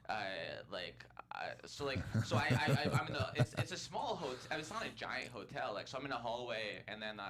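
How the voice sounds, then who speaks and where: A man, a comedian guest on a podcast, telling a story in casual chat, animated and laughing often. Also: lowish voice, background noise.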